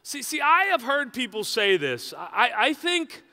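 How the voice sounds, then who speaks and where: A man's voice: extremely high pitch, big pitch swings, measured pace, pushed and bright, long reverb tail. A male pastor preaching a sermon in a conversational, joking way, often checking in with the congregation. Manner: conversational and joking, with frequent "right?" asides.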